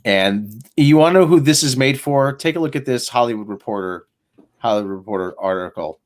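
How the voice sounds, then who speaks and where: A man talking casually on a live stream, animated and given to mocking asides. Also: mid-range voice, fairly quick. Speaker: livestream co-host.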